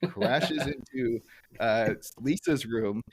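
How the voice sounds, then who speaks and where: A man co-hosting a casual podcast, recapping a cartoon episode with lots of fillers and quick jumps into silly character voices. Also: husky. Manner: rambling, many fillers, breaks into silly high character voices when quoting. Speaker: podcast co-host.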